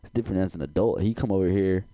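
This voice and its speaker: Low-voiced man telling crude stories. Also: very fast, no echo. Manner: crude, animated storytelling, laughing often. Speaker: podcast co-host. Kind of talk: casual chat.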